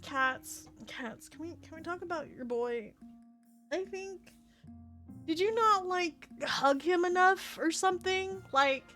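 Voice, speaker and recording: Giggly woman game streamer, high voice, chatty. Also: slow, soft background music. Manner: giggly, chatty, animated reactions. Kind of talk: live game stream commentary and reading aloud.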